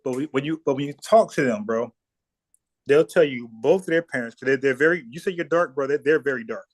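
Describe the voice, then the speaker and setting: A man's voice: medium pitch, brisk. A man from South Carolina hosting a livestream, talking bluntly and profanely, repeating words when he gets fired up. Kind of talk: casual heated debate.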